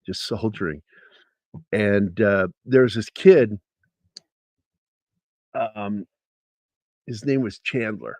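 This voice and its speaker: A man's voice: lowish voice, extremely slow, long pauses, a little mellow, dry recording. A man, a comic book artist, telling an anecdote casually with profanity and restarts in a livestream interview. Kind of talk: casual storytelling.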